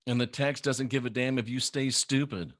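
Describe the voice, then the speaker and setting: A man's voice: medium pitch, fairly even intonation, moderate pace, no echo, studio quality. A middle-aged man, a former minister, delivering a sarcastic, scornful ranting monologue to camera. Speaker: former minister turned critic.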